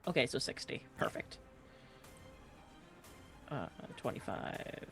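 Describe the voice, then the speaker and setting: A woman's voice: very deep voice, sing-song, music in the background. A woman playing a tabletop game, thinking aloud with lots of fillers. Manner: unhurried, hesitant, thinks aloud with many fillers. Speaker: player.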